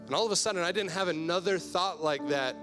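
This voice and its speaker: A young adult man preaching a sermon as pastor, telling a personal story earnestly and moving between hushed and loud passages. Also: sits high, fast talker, over music.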